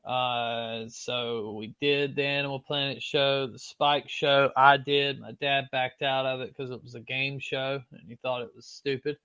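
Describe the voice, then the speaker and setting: A man from Florida with a strong Southern US accent, a podcast guest telling his story in a loose, animated way, full of fillers and casual swearing. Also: mid-range voice, a little slow, hardly any pauses, smooth.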